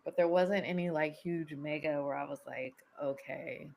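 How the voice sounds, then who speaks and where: A woman hosts a relaxed recap chat in a lowish voice. She talks in a chatty, animated way and laughs often. A faint hiss of noise sits under her voice. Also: normal speed, gravelly. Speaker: podcast host.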